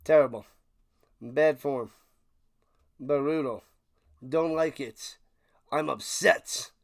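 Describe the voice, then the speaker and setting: A man hosting a live football watch party, calling plays and ranting, swinging between shouts and low mutters and repeating himself. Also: drawn-out words, vocal fry. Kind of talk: live play-by-play and reaction commentary.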